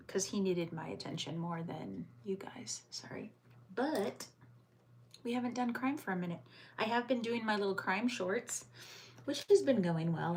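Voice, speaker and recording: An American woman hosting a casual livestream from home. She chats and answers viewer comments aloud, and sometimes drops into soft muttered asides. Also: medium pitch, a little hiss or hum. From United States. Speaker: livestream host.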